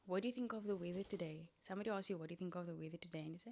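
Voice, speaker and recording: A woman's voice: fairly low pitch, rapid-fire, vocal fry, hardly any pauses, darkish tone. A woman hosting a solo podcast, giving casual, coaching talk with playful asides. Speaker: podcast host.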